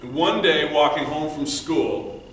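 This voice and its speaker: A man giving a prepared storytelling speech at a speech contest, earnest, moving between loud emphasis and quiet, hushed passages. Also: on the high side, unhurried. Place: meeting room before an audience. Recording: echoey room, mic from far off, faint noise.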